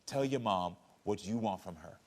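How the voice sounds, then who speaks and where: A man hosting a talk show, mediating calmly and empathetically between guests. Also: fairly low pitch. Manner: calm, measured, guiding and empathetic.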